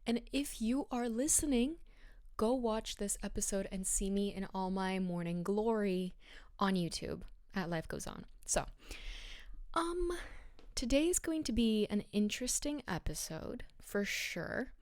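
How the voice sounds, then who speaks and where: A woman's voice: mid-range voice, measured pace, darkish tone, dry recording, studio quality. A young woman from Bulgaria hosting her own podcast in casual, rambling, self-deprecating chat, a little out of breath. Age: young adult. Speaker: podcast host.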